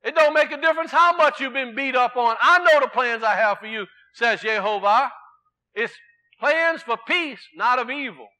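A man preaching a sermon in a folksy way, swinging from emphatic declarations to quiet storytelling. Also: very high voice, animated, normal speed.

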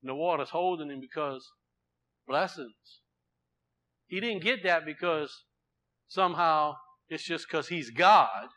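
Speaking at a measured pace with frequent pauses, a male preacher delivers his sermon in a forceful, high, bright voice. He shifts from loud proclaiming to soft, low asides and often repeats himself for weight, all on poor-quality audio.

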